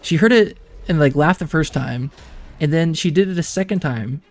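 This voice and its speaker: A man's voice: fairly high pitch, moderate pace, faint music behind. A young man and streamer telling rambling family anecdotes in casual chat, laughing often. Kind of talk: casual chat while gaming.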